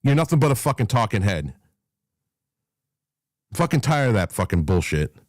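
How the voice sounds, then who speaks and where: A man's voice: fairly low pitch, big pitch swings, moderate pace, a little mellow, dry recording. A man hosting a live talk room, ranting in an angry, profane, emphatic way and repeating himself as he drives his points home. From New York, USA. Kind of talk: heated live chat rant.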